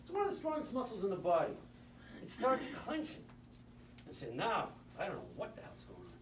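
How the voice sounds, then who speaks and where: A man's voice: high-pitched, wildly swooping pitch, a little fast, noisy background. A man teaching nurses in a live lecture, joking and quizzing the audience as he goes. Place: lecture room. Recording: roomy hall, mic at a distance.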